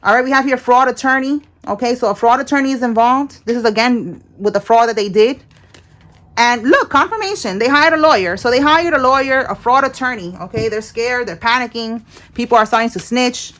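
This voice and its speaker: A woman talks through a tarot reading in a loose, casual way. She is blunt and slangy, swears freely, and keeps checking in with "all right?". Her voice sits slightly high. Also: brisk, fairly bright tone. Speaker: tarot reader.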